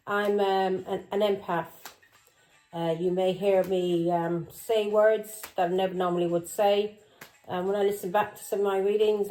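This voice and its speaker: A woman's voice: fairly low pitch, warm tone, poor audio. A woman giving a tarot reading in a confrontational, accusing tone who keeps breaking in with "Yeah?". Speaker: tarot reader.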